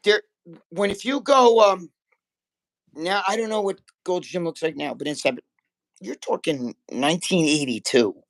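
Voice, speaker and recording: A man in his sixties, a guest, telling rough, animated stories in casual chat and swearing often. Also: sits high, moderate pace, low-quality recording. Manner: animated, profane storytelling.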